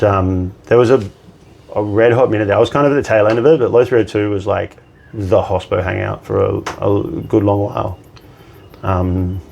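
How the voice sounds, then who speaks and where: A man's voice: lowish voice, vocal fry. A man, a bartender guest on a podcast, telling stories casually, swearing and acting out the people he quotes. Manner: animated anecdote teller, swears, acts out quotes. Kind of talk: casual storytelling chat.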